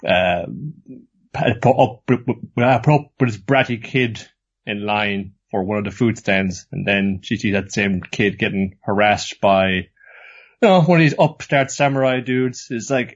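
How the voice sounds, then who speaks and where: A man's voice: lowish voice, unhurried. A man co-hosting a casual anime review chat, rambling through plot recaps. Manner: rambling recap full of acted voices. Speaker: podcast co-host. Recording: dull lo-fi recording.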